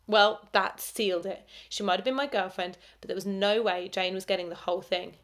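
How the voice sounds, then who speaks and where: A woman primary school teacher reading a story aloud to children, expressive and dropping into whispers for the asides. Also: medium pitch, fairly quick, few pauses.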